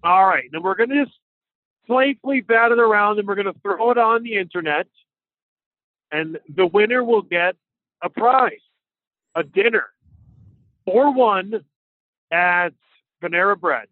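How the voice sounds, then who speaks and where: A man with a high-pitched voice co-hosts a casual sports podcast, drifting from joke to tangent in easygoing banter. His voice comes through a thin, phone-like line with no room echo at all. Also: measured pace, long pauses. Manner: playful, rambling banter. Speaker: podcast co-host. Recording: dry, tinny phone-like line.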